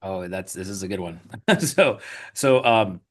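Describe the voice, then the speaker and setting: A man, a podcast guest, telling animated stories in a casual interview, full of restarts and repeated "right?" tags. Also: sits low. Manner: rapid, animated storytelling with frequent "right?" and filler restarts.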